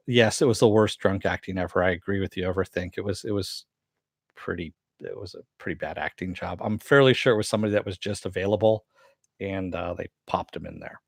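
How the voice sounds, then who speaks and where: A man's voice: dry recording, clean studio sound. A man casually recapping a TV episode and answering chat, rambling with many fillers. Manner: acts out quoted lines with raised pitch. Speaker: show recap host.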